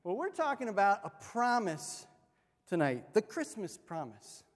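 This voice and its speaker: Animated high-voiced pastor in a big hall. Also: male voice, unhurried. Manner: animated, acts out voices in his stories. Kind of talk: sermon with storytelling. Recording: long hall reverb.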